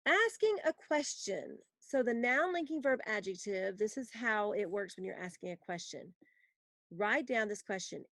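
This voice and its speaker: A woman's voice: mid-range voice, animated, fairly bright tone, no echo. Dry, patient woman teaching grammar. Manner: patient, explanatory, reads example sentences slowly for dictation. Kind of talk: recorded grammar lesson.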